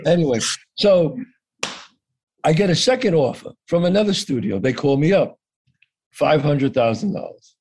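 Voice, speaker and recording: A man's voice: on the high side, big pitch swings, moderate pace, pauses often, darkish tone, slightly rough. An older man telling his story as a podcast guest, acting out both sides of each conversation and swearing freely. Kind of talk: animated storytelling.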